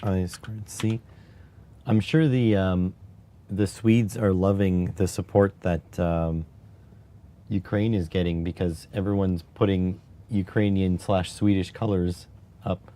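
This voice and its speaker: Man, very low voice, mellow tone, relaxed casual stream chat, wry asides. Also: slow. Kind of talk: casual live-stream chat while typing.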